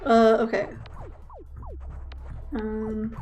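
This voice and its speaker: A woman's voice: fairly high pitch, fairly even intonation, moderate pace, long pauses, soft background music. A young woman casually commentating her own speedrun, rambling with lots of fillers and self-deprecating jokes.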